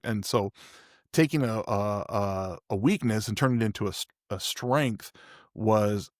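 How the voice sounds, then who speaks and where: A man's voice: on the low side, a little slow, dry recording, studio quality. A man hosting a podcast, telling a personal story in a candid, rambling way with frequent restarts. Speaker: podcast host. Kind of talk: casual storytelling.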